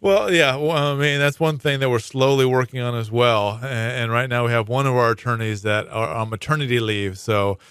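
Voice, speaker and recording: A man's voice: mid-range voice, steady tone, normal speed, hardly any pauses, fairly bright tone, clean tone, no echo. Man explaining things, dry studio. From Hawaii. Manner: chatty, explanatory, many fillers and restarts. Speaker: prosecuting attorney guest. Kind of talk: casual radio interview. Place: radio studio.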